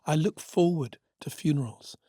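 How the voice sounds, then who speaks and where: A man's voice: fairly high pitch, normal speed, warm tone, breathy edge, dry recording, studio quality. An older man, co-hosting a casual podcast chat and laughing often. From England. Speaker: podcast co-host.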